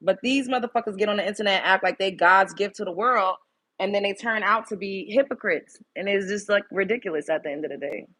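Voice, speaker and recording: A woman's voice: medium pitch, fast talker, a bit bright. A young woman from Brooklyn, hosting a casual livestream, blunt and candid, swearing freely and greeting viewers by name. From Brooklyn, New York. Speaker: livestream host.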